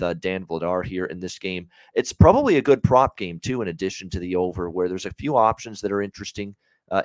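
A man's voice: deep voice, no echo. A man co-hosting a hockey betting show, chatty and filler-heavy, rattling off stats and prop picks. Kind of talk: sports betting analysis.

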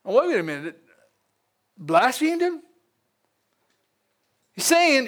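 High-voiced Louisiana preacher. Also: male voice, takes it slowly, long pauses. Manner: lively preaching with frequent laughs and call-outs to the congregation. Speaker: pastor. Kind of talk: sermon.

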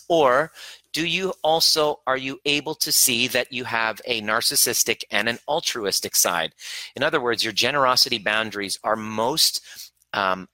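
Blunt, bright-voiced male coach. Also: mid-range voice, no echo, low-quality recording. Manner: blunt, swears freely, acts out inner voices. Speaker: relationship coach. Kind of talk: live online workshop teaching.

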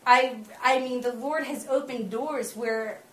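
A woman's voice: a little high, a little hiss or hum. Chatty woman preaching in a roomy hall. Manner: lively, chatty, laughs often while telling stories; slows down and softens for earnest teaching. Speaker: speaker giving a talk to a small gathering. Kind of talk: sermon mixed with personal storytelling. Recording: roomy echo with faint background ambience.

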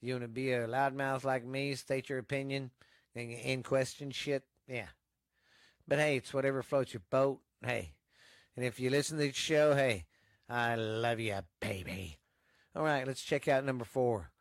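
Swearing nonstop, a Texan-accented podcast host bluntly rambles through the news in casual chat from his home desk. His medium-pitched voice has fairly even intonation at normal speed, with clean studio sound and no room sound.

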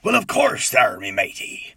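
A man's voice: mid-range voice, wildly swooping pitch, unhurried, vocal fry, pushed and bright, breathy edge, no echo, studio quality, distant mic, pitched above the performer's own voice, exaggerated voice. A man doing a growling old pirate. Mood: boisterous. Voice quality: growly, grungy.

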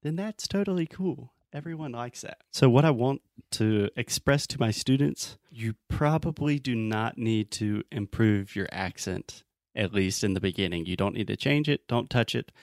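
A man's voice: medium pitch, animated, normal speed, dry recording, studio quality. A man with a mild Southern American accent, teaching English in a conversational lesson and acting out example lines. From Southern United States. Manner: explanatory, acts out example lines.

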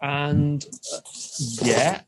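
A man's voice: fairly high pitch, drawn-out words, very noisy. A man in casual podcast chat, joking around and mimicking gadget voices. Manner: playful, jokey, mimics voices. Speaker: podcast co-host.

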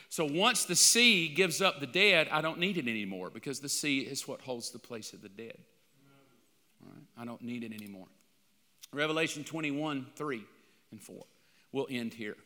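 Male pastor, sermon delivery, emphatic with loud peaks, slightly high voice, echoing hall. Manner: emphatic, rising to loud bursts.

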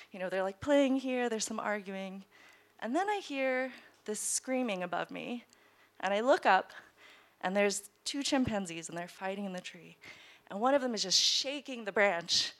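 A woman scientist telling a personal story live on stage, lively and chatty, laughing often and using many "like" fillers. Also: mid-range voice. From United States. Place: live stage show before an audience.

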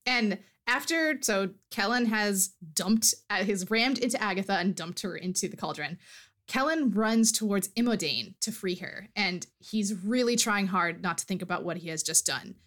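A woman's voice: medium pitch, moderate pace, a bit bright. A woman co-hosting a podcast, animatedly recapping a fantasy story in casual chat. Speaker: podcast co-host.

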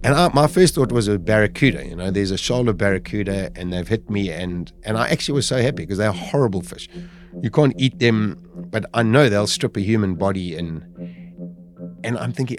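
A man's voice: fairly low pitch, lively intonation, brisk, music in the background. A middle-aged man, a podcast guest vividly retelling his own ordeal and acting out his inner voice. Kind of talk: dramatic personal storytelling.

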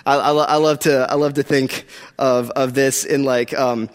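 A man's voice: medium pitch, steady tone, moderate pace, big-room sound. A man preaching a sermon in a casual, emphatic style, with slangy asides to the congregation. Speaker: pastor.

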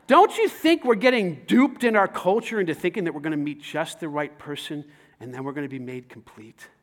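Pastor, male, high voice, dynamic sermon delivery moving between emphatic and quiet. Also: brisk. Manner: dynamic preaching, swings from loud to hushed.

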